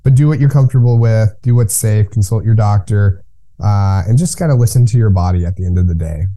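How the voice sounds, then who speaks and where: Male guest, low mellow voice, calm and instructive. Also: fairly quick. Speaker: guest, cold plunge business owner. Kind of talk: conversational interview.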